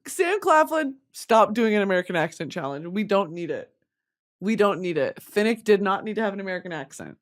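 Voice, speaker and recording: A woman's voice: medium pitch, lively intonation, a little fast. A young woman vlogging in casual chat, rambling, gushing and giggling as she talks to her viewers.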